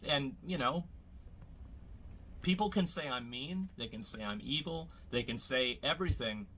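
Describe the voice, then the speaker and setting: A man's voice: medium pitch, measured pace, fairly bright tone, slight background noise, rough recording. A man in a played clip, speaking in a blunt, defiant monologue.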